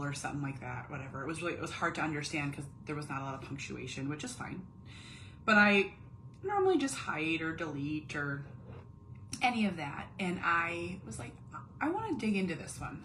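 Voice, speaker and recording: A woman's voice: low-pitched, very animated, brisk, fairly bright tone, slight background noise, rough recording. A woman in her thirties, a mom and caregiver, talking candidly to camera at home, earnest and confiding, sometimes dropping to a near whisper on painful feelings. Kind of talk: candid personal monologue.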